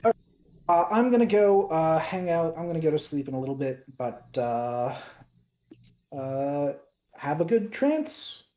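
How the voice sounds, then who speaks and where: A man's voice: a little high, steady tone, measured pace, warm tone. A man playing a tabletop game, rambling with lots of fillers. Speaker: player. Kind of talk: casual tabletop game chat. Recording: echoey room.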